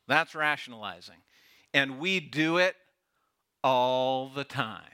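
A man preaching a sermon as pastor, earnest, often dropping soft and low to stress a point. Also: animated, slow, clean tone.

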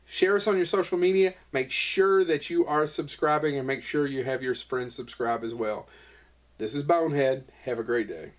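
A man's voice: medium pitch, normal speed. A man co-hosting a podcast, rambling and joking in casual chat as he signs off. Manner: rambling, joking, self-interrupting. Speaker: podcast co-host.

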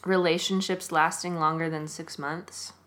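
A woman's voice: deep voice, flat delivery, measured pace, fairly bright tone. A woman co-hosting a casual podcast chat, playful and teasing, laughing along. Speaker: podcast co-host.

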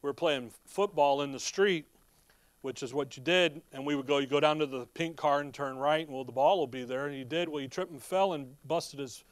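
A man's voice: fairly high pitch, brisk, dry recording. A man preaching a sermon in a folksy, emphatic way, reading scripture and asking his congregation rhetorical questions. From Midwestern United States. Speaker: pastor.

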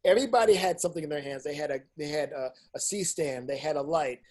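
Fast-talking and on the high side, a middle-aged man who teaches and makes independent films relates stories in a laid-back interview. He's animated, frank, and profane, voicing the words of the people in his tales.

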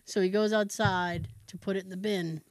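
A woman's voice: mid-range voice, steady tone, normal speed, dry recording. A woman co-hosting a podcast in casual chat, telling a long story with lots of restarts. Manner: rambling storyteller, trails off and restarts. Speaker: podcast co-host.

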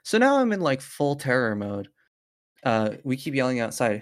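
A man's voice: medium pitch, big pitch swings, normal speed. A man hosting a podcast who reads a horror story aloud in a casual, profane way and breaks off to chat. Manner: profane, breaks off into side chatter. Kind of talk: casual story reading with banter.

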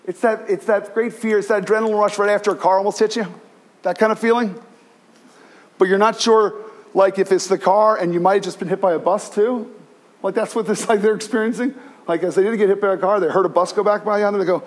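A man preaching a sermon as pastor, animated, with many restarts, acting out the cries of the people he tells about. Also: high voice, quick pace.

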